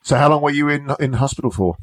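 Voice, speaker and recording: A man's voice: fairly high pitch, fast. A man interviewing a guest, putting short curious follow-up questions.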